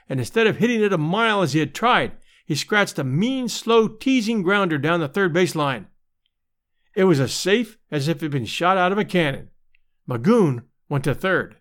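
In dramatic scripted narration, a high-voiced man reads a vintage sports story as an audiobook. He tells it expressively and gives the crowd's shouts their own distinct voices.

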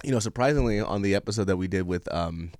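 A man's voice: low-pitched, fast talker, darkish tone, dry recording. A man co-hosting a podcast in casual chat, teasing and sarcastic, swearing freely. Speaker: podcast co-host.

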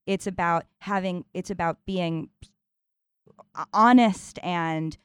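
A woman with a smooth, lowish voice speaks slowly and reflectively, often pausing to search for the right word. The recording is close and dry, with no room echo. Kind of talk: casual conversation.

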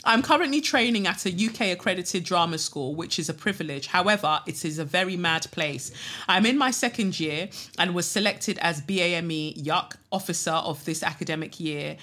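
A woman hosting a podcast, reading a listener's letter aloud with expressive delivery and dry asides. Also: lowish voice, moderate pace.

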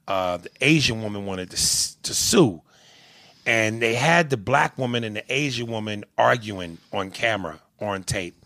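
A man's voice: lowish voice, vocal fry, bright, forceful tone, no room sound. A man co-hosting a casual podcast, joking loosely and swearing often while he reads listener mail. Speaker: podcast co-host.

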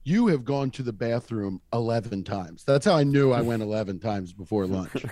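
A man's voice: medium pitch, normal speed, a little hiss or hum. A young man telling a funny story in casual chat, laughing as he goes. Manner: animated, laughing through his stories. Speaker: comedian guest.

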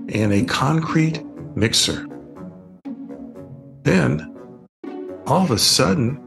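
An older man, the author, reading his children's book aloud as a slow, expressive bedtime story. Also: fairly high pitch, creaky.

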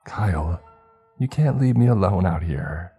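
A taunting monster posing as a young woman, as a man puts it on, raised well above his own low register. The voice coos softly, then sours into venomous scorn. It is a husky, dark-toned storybook horror voice. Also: lively intonation, a little slow, soft background music, heavily acted. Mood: coaxing. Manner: soft and sweet turning to screaming scorn. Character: creature mimicking a young woman, cruel and taunting.

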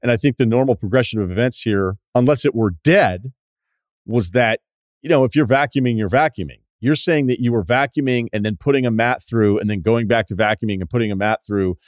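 A man's voice: mid-range voice, fairly quick, dry recording. A man hosting a podcast, reading a listener email aloud and adding wry, conversational asides. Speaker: podcast host.

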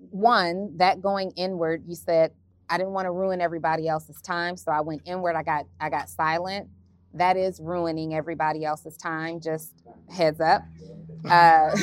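A woman's voice: on the low side, dry recording. A woman on a panel asking direct, pointed questions. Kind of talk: casual panel discussion.

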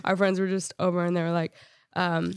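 A woman's voice: fairly low pitch, level tone, brisk, smooth, dry recording. A young woman in casual family chat, giggly and self-mocking, often laughing at her own jokes.

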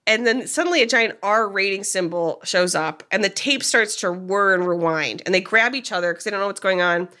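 A woman podcast co-host casually recapping a movie's plot, telling it with animated energy and frequent fillers. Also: mid-range voice, fairly quick, hardly any pauses, smooth. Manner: animated storyteller, frequent "like" and laughs.

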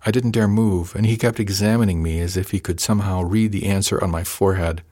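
Low-voiced man narrating an audiobook. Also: fairly even intonation, quick pace, a little mellow. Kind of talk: scripted first-person audiobook narration.

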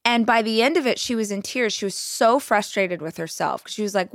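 A woman's voice: mid-range voice, a little fast, few pauses, fairly bright tone, no room sound, clean studio sound. A woman hosting a motivational podcast, speaking earnestly and directly to her listeners. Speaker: podcast host.

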